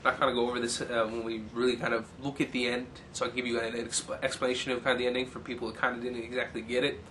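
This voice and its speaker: A man's voice: mid-range voice, little pitch movement, fast, fairly bright tone, slight background noise. A man casually retelling a movie plot in a rambling way, full of fillers, briefly acting out characters' lines. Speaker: film recapper.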